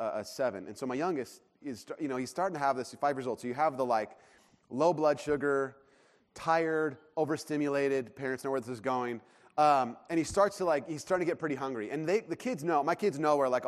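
A man in his thirties, a pastor, preaching a sermon and telling a lively family story, acting out his child's shouts. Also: mid-range voice. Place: church sanctuary. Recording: long hall reverb.

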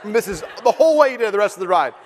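A man in his thirties preaches a sermon, telling a story in a loose, animated manner with frequent laughter. His voice sits a touch above the usual male pitch. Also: rapid-fire, some chatter behind. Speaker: pastor.

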